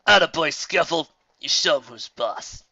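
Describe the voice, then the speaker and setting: A man's voice: a little high, expressive, unhurried, creaky, bright, forceful tone, no room sound, dull audio, voice pushed up, exaggerated voice. A man voicing a swaggering teenage bully colt pony in an audiobook reading, smug and mocking.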